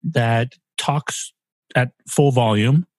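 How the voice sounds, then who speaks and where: A man's voice: mid-range voice, dry recording. A man hosting a casual podcast, joking and swearing as he talks. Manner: joking, swearing, quick to laugh. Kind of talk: casual chat.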